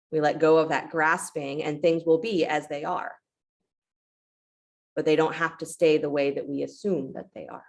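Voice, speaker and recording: A woman leads a yoga class in a low voice with a gravelly edge. She gives calm, encouraging short cues. She also slips into reflective storytelling about letting go. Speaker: yoga teacher. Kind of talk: guided yoga class instruction.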